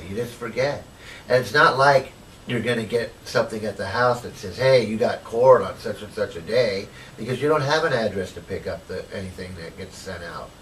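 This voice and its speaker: A man's voice: mid-range voice, far from the mic, slight background noise, rough recording. A formerly homeless man telling his life story in an interview, rambling with lots of "you know" and retelling what people said to him. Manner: rambling, full of "you know" and retold dialogue.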